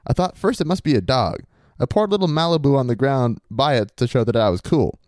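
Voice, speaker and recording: Fast-talking man, brash comedic reading. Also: mid-range voice, animated, a little mellow, no echo, clean studio sound. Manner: reads in a swaggering, crude bro persona with laughs breaking in. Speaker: podcast host. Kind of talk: comedic reading of a listener story.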